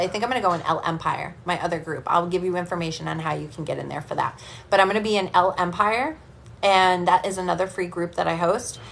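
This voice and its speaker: A woman business coach giving a live motivational talk and sales pitch, speaking directly with energetic tough-love encouragement. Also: creaky, slight background noise.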